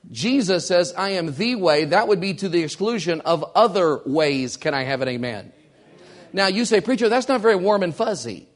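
A pastor, a man, preaching with emphatic, deliberate delivery. His voice sits a little higher than most men's, and he leans hard on his key lines, repeating them for weight. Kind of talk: sermon.

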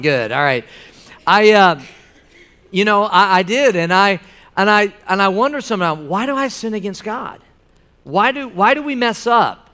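Male pastor with a high, clear voice, preaching earnestly and addressing the congregation. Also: a bit bright. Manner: repeats and restarts phrases. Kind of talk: sermon.

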